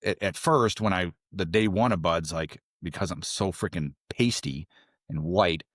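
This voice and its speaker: A low-voiced man, a former SEAL trainee appearing as a podcast guest, tells stories in a casual interview at normal speed. His storytelling is rambling and animated, full of fillers and restarts, and he jumps to a high voice when quoting others; the sound is clean studio audio with no echo.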